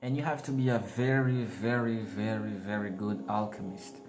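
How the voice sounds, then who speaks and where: A man's voice: on the low side, fairly even intonation, moderate pace. A man giving a casual, rambling spiritual talk, slangy and often laughing at his own jokes. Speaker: spiritual vlogger. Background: background music.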